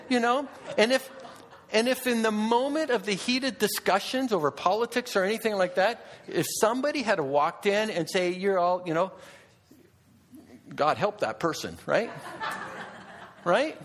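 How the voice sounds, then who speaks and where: A man giving a public talk to an audience, animated, full of rhetorical questions and restarts. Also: high voice. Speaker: speaker addressing an audience.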